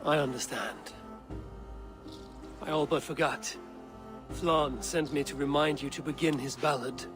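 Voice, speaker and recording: An actor voicing a calm, courteous Norse warrior who speaks in a measured way, with game music behind. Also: male voice, on the high side, natural voice.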